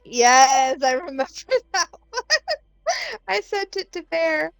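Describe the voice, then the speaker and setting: A woman's voice: high-pitched, expressive, takes it slowly, dry recording. A woman in casual gaming chat who laughs often and teases her friends.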